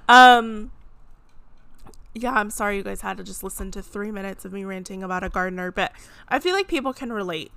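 A young woman hosting a solo podcast, venting in a chatty, animated way with many fillers. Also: mid-range voice, brisk, gravelly, smooth. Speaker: podcast host. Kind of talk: casual solo podcast rant. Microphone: podcast microphone.

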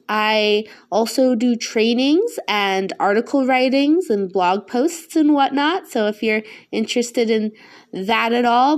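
A woman hosting a casual solo podcast, rambling in a chatty, self-conscious and affectionate way. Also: on the high side. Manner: rambling, chatty, with frequent fillers. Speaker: podcast host.

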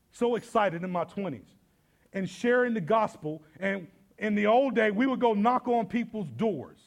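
Middle-aged male pastor, high gravelly voice, storytelling sermon style. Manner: storytelling preacher, acts out dialogue.

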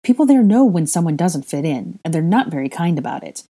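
A woman's voice: on the low side, lively intonation, fast talker, warm tone, husky. A woman voicing an earnest, bossy young witch who talks urgently and insistently.

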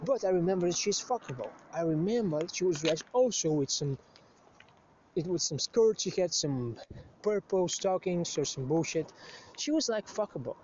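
A man's voice: high-pitched, lively intonation, normal speed, darkish tone, a little hiss or hum. A man telling a story in a casual monologue, crude and profane, rambling with many restarts. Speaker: show host. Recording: slightly muffled lo-fi recording.

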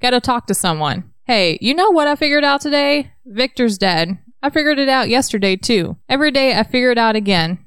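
A woman's voice: on the high side, expressive, a little fast, few pauses, fairly bright tone, clear, resonant tone, no room sound, voice pushed up. A woman reading aloud as a young male rock musician who leaves wry, self-mocking, rambling voicemails. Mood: rueful.

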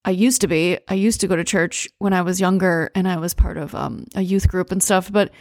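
An American woman hosting a podcast, talking through a personal story in a halting, emotional way with many pauses and restarts. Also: on the low side, fairly even intonation, darkish tone, no echo, studio quality. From United States. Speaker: podcast host. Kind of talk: personal monologue.

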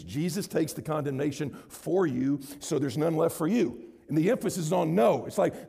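A middle-aged man preaching a sermon, building to loud, emphatic, high-pitched stretches. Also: fairly quick, creaky, slightly rough, big-room sound. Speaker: pastor.

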